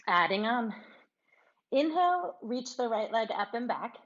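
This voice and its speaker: A woman guiding a yoga class, giving calm, encouraging cues and laughing now and then, sometimes a little out of breath. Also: fairly high pitch, moderate pace, dull audio. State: out of breath at times. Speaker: yoga instructor.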